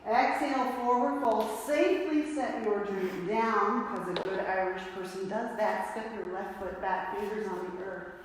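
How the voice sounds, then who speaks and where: A woman's voice: medium pitch, unhurried, hardly any pauses. A woman teaching a yoga class, giving playful, encouraging cues paced with the breath. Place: yoga studio. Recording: roomy studio echo with light noise.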